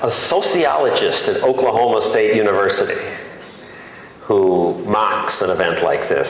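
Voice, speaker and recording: Brief: male journalist addressing a conference, emphatic and plainspoken with a lively, swinging pitch, recorded in a very echoey hall. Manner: emphatic, self-deprecating, plainspoken. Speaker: journalist giving a conference speech. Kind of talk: speech to an audience. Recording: very echoey hall, faint background noise.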